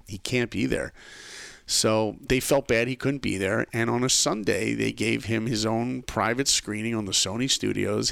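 A man being interviewed on a podcast, telling stories in a lively way and acting out the voices of people he quotes. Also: mid-range voice, gravelly, no room sound, clean studio sound. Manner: animated storyteller who acts out quoted voices. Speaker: podcast guest. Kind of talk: casual storytelling interview.

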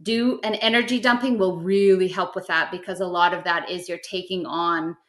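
Middle-aged woman guiding gently, roomy sound. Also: fairly low pitch, steady tone, moderate pace. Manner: gentle, instructive, step-by-step guidance. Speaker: guest teaching spiritual practice. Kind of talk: explanatory podcast chat. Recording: roomy echo.

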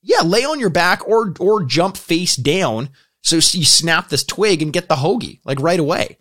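A man's voice: a little high, lively intonation, normal speed, fairly bright tone. Rambling Canadian podcast co-host, man. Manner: rambling, laughing, swearing, many restarts. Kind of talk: casual podcast chat reviewing a show.

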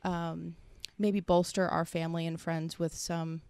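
A woman's voice: fairly low pitch, little pitch movement, unhurried, darkish tone, clear, resonant tone, no room sound. A woman co-hosting a casual conversation, earnest and reflective, working through her thoughts in long, searching sentences.

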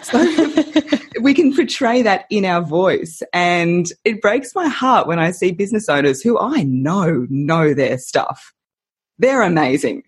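Husky, expressive woman voice coach. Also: lowish voice, takes it slowly. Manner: expressive, laughs often, uses playful analogies. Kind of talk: podcast interview.

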